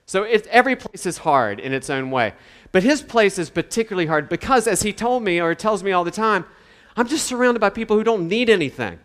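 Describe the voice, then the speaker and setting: A man's voice: high voice, big pitch swings, fairly quick, fairly bright tone, in a large hall. A man preaching a sermon in a conversational way, now and then acting out the voices of the people he quotes. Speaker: pastor.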